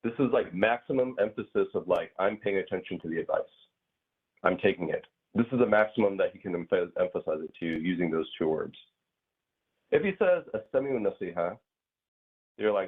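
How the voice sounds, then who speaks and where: A very low, husky-voiced man teaches grammar over a thin, phone-like connection. He rambles through his points with plenty of fillers and acts out little everyday scenes to make them clear. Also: animated, fairly quick. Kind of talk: casual online class explanation. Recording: tinny phone-like audio.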